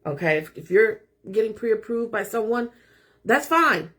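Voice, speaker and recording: A woman's voice: fairly high pitch, expressive, a little slow, fairly bright tone, husky. A middle-aged woman real estate agent talking casually to viewers, emphatic and self-assured. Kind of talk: casual live talk to viewers.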